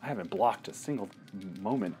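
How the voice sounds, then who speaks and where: A man's voice: on the low side, animated, brisk, darkish tone, faint music behind. A man playing a retro video game and commenting casually, trash-talking the enemies, cursing and joking to himself. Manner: trash-talking, swearing, jokey outbursts at the game. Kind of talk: casual let's-play commentary.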